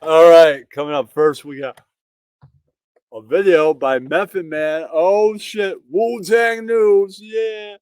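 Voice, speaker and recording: A man's voice: fairly high pitch, slow pace, darkish tone, clean tone, no room sound, poor audio. A man from Brooklyn hosting a livestream, joking in a goofy way and repeating catchphrases. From Brooklyn, New York, USA. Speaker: livestream show host. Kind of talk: casual comedic monologue.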